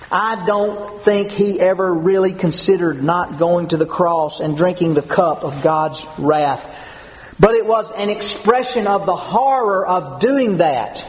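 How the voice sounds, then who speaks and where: A man preaching a sermon as pastor, with a measured, solemn and emphatic cadence. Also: high voice. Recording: dull sound with long hall reverb.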